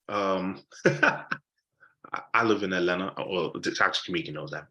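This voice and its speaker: A man's voice: fairly low pitch, normal speed. A man teaching a live sales training session, acting out customer conversations and repeating key points for emphasis. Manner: animated, acts out customer dialogues. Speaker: sales coach. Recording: roomy echo.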